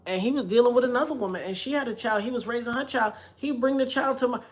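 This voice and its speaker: A woman's voice: fairly high pitch, fairly quick. A woman telling a personal story in casual talk, frank and colloquial, acting out the other people's voices as she goes. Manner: animated, acts out quoted voices. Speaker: vlogger.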